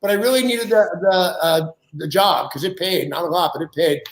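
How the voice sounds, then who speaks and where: A man in his sixties, a guest, telling animated anecdotes and acting out the people he quotes. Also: high-pitched, moderate pace, reverberant, rough recording. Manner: animated storyteller who acts out quoted people, laughs mid-story. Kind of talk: anecdotal storytelling.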